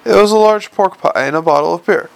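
A man narrating a comic novel as an audiobook, with a wry, even storytelling delivery. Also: high voice, fast, gravelly, smooth.

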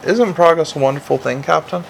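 A man doing a gruff, sarcastic watch commander. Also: a little high, brisk, a little hiss or hum, poor audio. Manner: sarcastic, exasperated. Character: weary gruff middle-aged male watch commander.

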